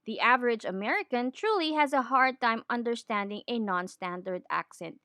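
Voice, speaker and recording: A woman giving a scripted lesson on training, in a clear, deliberate teaching manner. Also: a little high, lively intonation, pushed and bright, no room sound, clean studio sound. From Philippines. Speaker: accent trainer.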